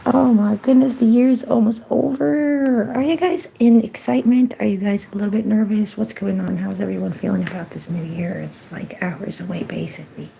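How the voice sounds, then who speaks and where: A woman hosting a casual livestream, chatting to viewers, giving blessings and greetings, and often dropping into soft whispered asides. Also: medium pitch, normal speed, creaky, few pauses, a little hiss or hum. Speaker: livestream host.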